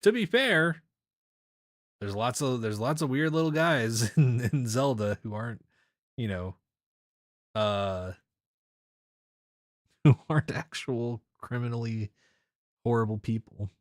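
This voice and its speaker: A man's voice: medium pitch, expressive, takes it slowly, long pauses, dry recording, studio quality. A man streaming games, chatting casually with his viewers, rambling and laughing often. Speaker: game streamer. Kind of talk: casual chat with live chat.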